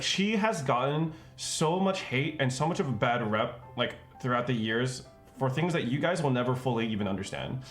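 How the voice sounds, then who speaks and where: Earnest man with halting speech. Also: mid-range voice. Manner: earnest, halting, full of "like" fillers. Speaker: streamer. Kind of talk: casual chat.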